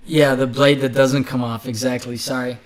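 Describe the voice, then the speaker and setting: A chef chats loosely about cooking on a podcast, rambling with lots of fillers and restarts. He speaks at a moderate pace in a medium-pitched, level-toned voice.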